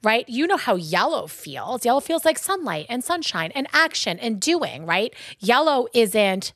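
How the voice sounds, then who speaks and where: A woman with a Long Island accent co-hosting a podcast in casual chat, chatty and animated, often asking "right?". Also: on the high side, measured pace, few pauses, no echo, studio quality. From Long Island, United States. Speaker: podcast co-host.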